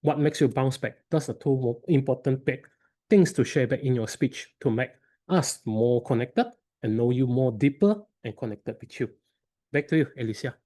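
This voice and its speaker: Mellow-voiced man giving halting feedback. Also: mid-range voice, lively intonation. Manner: halting non-native phrasing. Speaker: speech evaluator. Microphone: video call.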